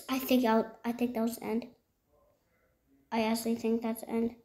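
A woman giving casual gameplay commentary, excitable and easily frustrated, swinging between loud outbursts and whispers. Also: on the high side, moderate pace. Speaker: gaming video creator.

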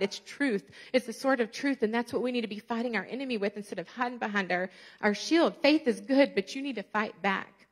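A woman in her thirties preaching a passionate sermon as a guest speaker, with emphatic bursts of intensity. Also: mid-range voice.

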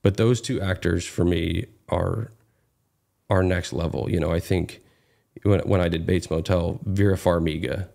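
A man's voice: sits low, fairly even intonation, unhurried, vocal fry, darkish tone. A man in his thirties, a guest actor, talking casually in an interview with many fillers and restarts.

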